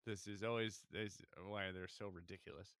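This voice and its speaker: A man's voice: deep voice, steady tone, brisk, fairly bright tone, smooth, no echo. A man with a Michigan accent, co-hosting a podcast with teasing remarks and frequent laughs. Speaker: podcast co-host. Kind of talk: casual podcast chat.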